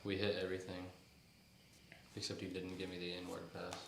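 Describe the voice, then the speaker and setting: A young man hosts a podcast in loose, joking chat and teases his guest. His voice is low and deep. The room is echoey, with a faint noise floor beneath it. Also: completely flat delivery, normal speed, creaky, fairly bright tone. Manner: joking, teasing, laughs easily. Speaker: podcast host. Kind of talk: casual chat.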